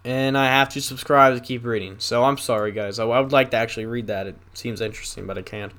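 A young man hosting a solo podcast, rambling casually and reading news stories aloud haltingly with asides. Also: mid-range voice, fairly even intonation, fairly bright tone. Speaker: podcast host.

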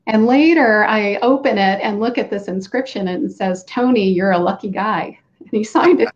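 A woman hosts a casual interview in a chatty way, asking questions and telling her own story. Her voice sits mid-range, and the recording sounds dull and muffled. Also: medium pitch. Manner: chatty, quick back-channel responses. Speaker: host.

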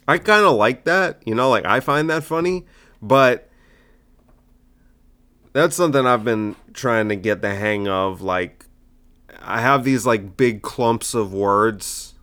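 Young comedian guy rambling solo on his podcast, roasting his own bad jokes, mid pitch. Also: takes it slowly, pauses often, a bit bright. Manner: rambling, self-mocking, picks apart his own jokes. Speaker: stand-up comedian and podcast host. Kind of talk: casual solo podcast monologue.

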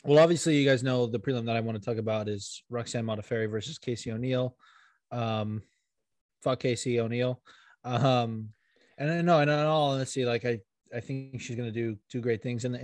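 A man's voice: mid-range voice, steady tone, brisk, darkish tone, dry recording. Chatty, profane male podcast co-host. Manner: chatty, profane, acts out quotes. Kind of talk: casual chat about fights.

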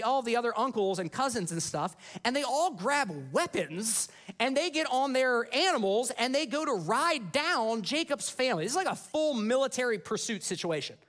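A man preaching a sermon, retelling scripture in an animated, casual storytelling manner. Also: very high-pitched, moderate pace. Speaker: pastor.

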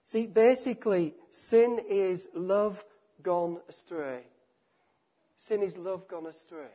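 High-voiced man preaching a sermon. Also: slow pace. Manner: emphatic, repeats phrases, drops to quiet endings.

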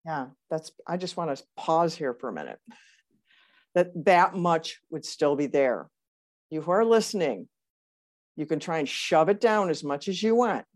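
Woman host, warm-toned interviewer, lower register, empathetic. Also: lively intonation, moderate pace. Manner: empathetic, encouraging. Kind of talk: conversational interview.

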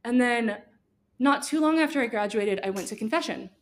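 A woman's voice: a little high, lively intonation, normal speed. A young woman giving a casual, earnest faith talk to students, talking freely with many fillers. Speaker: guest speaker.

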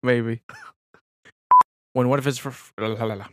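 A man's voice: medium pitch, steady tone, unhurried, smooth. A young man co-hosting a casual podcast, swearing, sarcastic, and reading a summary aloud loosely. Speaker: podcast co-host. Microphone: studio mic.

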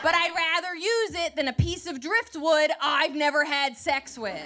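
A woman's voice: high-pitched, moderate pace. A woman in her thirties doing a stand-up comedy set, telling wry, self-mocking stories that build to punchlines. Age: 30s. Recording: noisy live stand-up recording.

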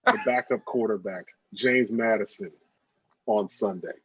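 A man's voice: lowish voice, measured pace, slightly rough, dry recording, low-quality recording. A man co-hosting a casual sports chat, emphatic and swearing freely as he makes bold predictions. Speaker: podcast co-host.

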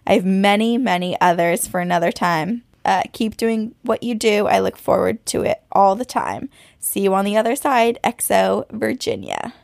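A woman with a gravelly, fry-laced voice reads a listener's tale aloud and slows down for suspense. Her voice sits at a middle pitch and sounds close and dry. She is co-hosting a podcast. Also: sing-song, darkish tone, no echo. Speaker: podcast co-host. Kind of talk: reading a listener's story aloud.

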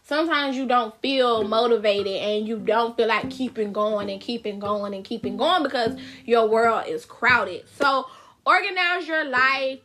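A woman's voice: a little high, measured pace, fairly bright tone. A young woman hosting her own podcast in a chatty, informal way, talking straight to her listeners. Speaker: podcast host. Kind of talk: casual solo podcast chat. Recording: faint music behind voice.

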